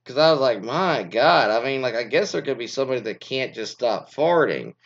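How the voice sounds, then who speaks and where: A man ranting in a casual, rambling commentary, cursing freely as he goes. His pitch swings widely from mutters to high outbursts. The recording sounds dull and lo-fi. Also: sing-song, brisk. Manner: profane, rambling, swings loud and low.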